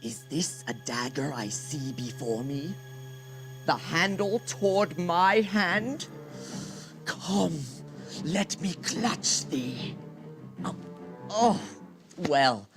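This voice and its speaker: A woman's voice: low-pitched, sing-song, takes it slowly, over music, pitched below the performer's own voice, heavily acted. A woman voicing a pompous, self-satisfied old playwright in a comic lesson.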